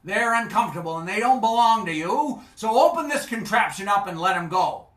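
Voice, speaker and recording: A man voicing a surly, cross old male sea serpent who orders a fisherman around, loud and pushy. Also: high-pitched, expressive, takes it slowly, heavily acted. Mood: surly, bossy. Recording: echoey live stage.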